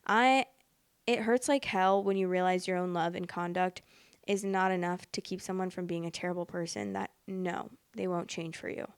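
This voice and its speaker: A young woman hosting a storytime podcast, reading posts aloud and reacting bluntly in a casual, expressive way. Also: on the low side, normal speed, smooth, no room sound. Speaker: podcast host reading stories.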